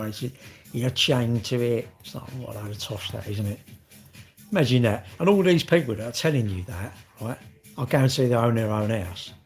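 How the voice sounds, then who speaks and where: A man's voice: medium pitch, a little mellow. A middle-aged man, rambling in casual vlog chat, swearing and joking. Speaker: vlogger.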